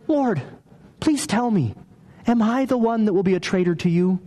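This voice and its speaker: A man's voice: high-pitched, expressive, normal speed, dark tone. A man preaching a conversational sermon, telling stories and asking the listeners questions. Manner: conversational, story-driven preaching with asked questions. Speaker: pastor.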